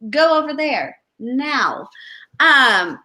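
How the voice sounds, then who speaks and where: A woman from California, a guest in a casual live video chat, sassy and quick to joke back. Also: sits high, sing-song, sharp tone.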